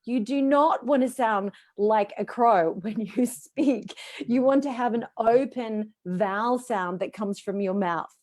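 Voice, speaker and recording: A woman's voice: a little high, a little slow. A middle-aged Australian woman, a voice coach, speaking expressively as a guest on a live video call. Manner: expressive, demonstrates voices while teaching.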